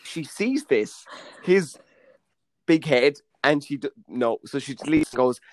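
Guy on a podcast joking around telling a story, bit high voiced, dry close sound. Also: lively intonation, unhurried, a little mellow, dry recording. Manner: joking, teasing delivery. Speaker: podcast co-host. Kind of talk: casual storytelling chat.

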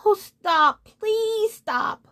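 A frightened storybook moon, voiced by a woman, who begs and pleads in a raised, fluttering pitch. The voice rides well above the reader's own, slow and drawn out. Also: expressive, gravelly, bright, forceful tone, full character voice. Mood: pleading, grateful. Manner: high, begging.

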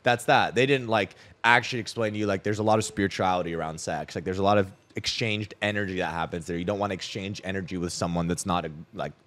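A man's voice: low-pitched, fairly even intonation, quick pace, few pauses, a bit bright. A young man in his twenties, a podcast guest, telling a personal story in a loose, rambling way, full of "like" and casual swearing.

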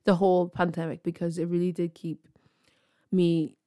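A woman's voice: fairly low pitch, flat delivery, moderate pace, mellow, dry recording, studio quality. A young woman hosting a podcast, talking casually in a chatty, self-deprecating and encouraging way, laughing often. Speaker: podcast host. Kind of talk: casual solo podcast chat.

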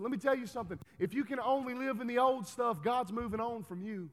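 A man preaching a folksy sermon in a church, building to loud, emphatic calls. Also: extremely high pitch, fairly quick, few pauses. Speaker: pastor. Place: church hall. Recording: reverberant church hall.

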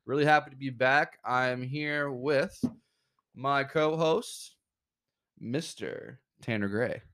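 A young man hosting a casual podcast, laid-back and joking, talking in halting bursts with fillers. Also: mid-range voice, fairly bright tone. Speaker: podcast host.

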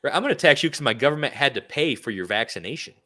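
A man's voice: medium pitch, lively intonation, fast, sharp tone. A man co-hosting a political talk show, ranting with indignant sarcasm.

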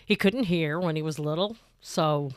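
A woman's voice: low voice, moderate pace, smooth, no room sound, clean studio sound. An older woman, the mother of the family, reminiscing about raising her sons. She finishes the others' sentences and tells stories in a plain, homey way. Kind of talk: casual family chat.

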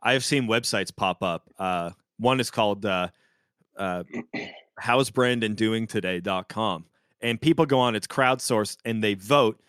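A man hosting a casual podcast as a pastor, deadpan and playful in his joking. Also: on the low side, unhurried, clear, resonant tone, no echo, clean studio sound. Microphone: remote call.

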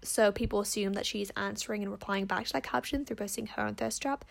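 A woman's voice: medium pitch, fast, gravelly. A woman hosting a casual advice podcast, chatting in a rambling way with lots of fillers. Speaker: podcast host.

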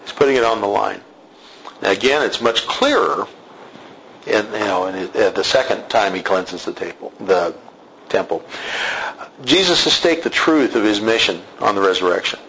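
A man's voice: on the low side, lively intonation, moderate pace, gravelly, fairly bright tone, slight background noise. Conversational male Bible teacher, muffled. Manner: conversational, with asides and self-corrections.

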